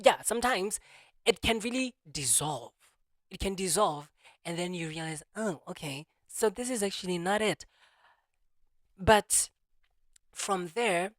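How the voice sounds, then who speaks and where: A man hosting a solo podcast, talking through his thoughts in a reflective way and often pausing to search for words. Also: high voice, fairly bright tone, dry recording. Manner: thoughtful, searching for words, many restarts and "you know"s. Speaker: podcast host.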